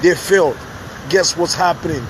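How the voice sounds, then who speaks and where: High-voiced man reporting defiantly from the street. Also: moderate pace, background noise. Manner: defiant, repetitive and rousing. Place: outdoors on a city street.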